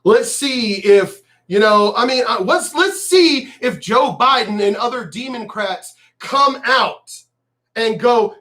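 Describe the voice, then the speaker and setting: High-voiced man in a profane rant. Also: animated, a little slow, bright, forceful tone. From El Paso, Texas. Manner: angry, profane, mocking, emphatic. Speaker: vlogger ranting on news.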